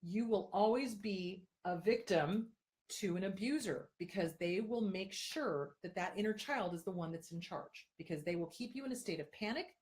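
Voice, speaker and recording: A woman with a husky voice hosts a live-stream advice talk. She speaks at a middle pitch and answers viewer questions in an emphatic, repetitive way, and now and then she puts on mocking voices to act out other people. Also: expressive, moderate pace, darkish tone.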